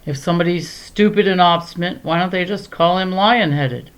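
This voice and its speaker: Storybook pig, clever, touchy, indignant, low voice, read by a woman. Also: natural voice. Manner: indignant, quick.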